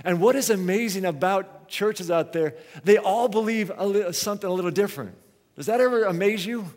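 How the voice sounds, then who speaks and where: A man's voice: sits high, fairly quick, darkish tone. A man preaching a sermon, telling a story and putting questions to the congregation. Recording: long hall reverb.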